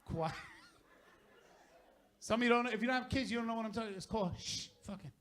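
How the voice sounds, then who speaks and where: A middle-aged man doing a stand-up comedy set on stage, profane and shouting out his punchlines. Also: very high voice, fairly even intonation, rapid-fire, a faint crowd, slight background noise.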